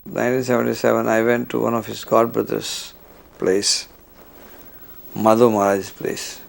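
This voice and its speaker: A man recounting memories of his spiritual teacher, acting out the quoted lines with a louder, higher voice. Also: monotone, normal speed, creaky. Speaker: devotee recalling memories. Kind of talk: storytelling reminiscence.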